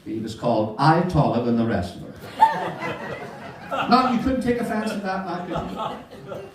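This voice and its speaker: An older man rattles off cheery one-liners to a live crowd. His voice rises and falls all over, bright and a touch high. The sound is heavily echoey and caught from some distance, like a hall recording. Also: very animated, unhurried, background noise. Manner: cheery storyteller, addresses the audience as ladies and gentlemen. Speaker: stand-up comedian. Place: hotel function room with a live audience.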